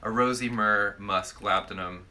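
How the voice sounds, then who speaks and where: A man's voice: on the low side, fairly even intonation, a little slow, pushed and bright. A man casually chatting as a perfume reviewer, playful and rambling, full of jokey descriptions. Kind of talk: casual chat.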